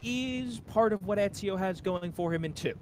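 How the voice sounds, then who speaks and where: A man's voice: high voice, normal speed, a little mellow, slight background noise. A man co-hosting a comedy show and adding dry, sarcastic remarks. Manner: dry, wry interjections. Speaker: co-host. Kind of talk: sarcastic commentary.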